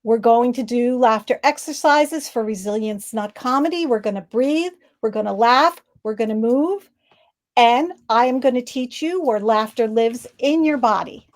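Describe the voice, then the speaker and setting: A woman's voice: on the high side, normal speed. Upbeat woman presenting on laughter. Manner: upbeat, demonstrates rhythmic ho ha he laughter sounds. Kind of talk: online presentation leading laughter exercises. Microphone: video call.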